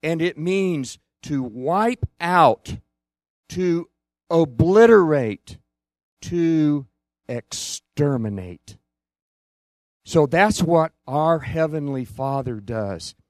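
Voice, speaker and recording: A man preaching a sermon as a pastor, earnest, with long pauses and hushed emphasis. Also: a little high, lively intonation, dry recording, studio quality.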